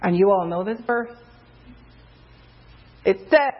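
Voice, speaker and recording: A woman preaching an informal sermon, loose and conversational, with many fillers, who jumps higher in pitch when she quotes someone. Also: lively intonation, slow pace, long pauses. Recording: dull lo-fi recording.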